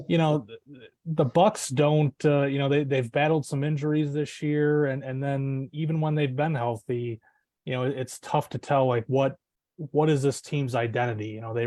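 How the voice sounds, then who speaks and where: Halting male sports panelist, dry sound. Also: medium pitch, a little mellow, dry recording. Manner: halting, repeats words while thinking. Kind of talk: casual sports picks chat.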